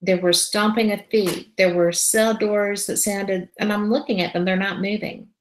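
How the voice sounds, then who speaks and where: A woman who is a paranormal investigator, telling a story as a guest in a casual interview. She is animated and acts out the conversations she describes. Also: mid-range voice, normal speed, reverberant, a little hiss or hum, rough recording. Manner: animated, re-enacting conversations as she tells them.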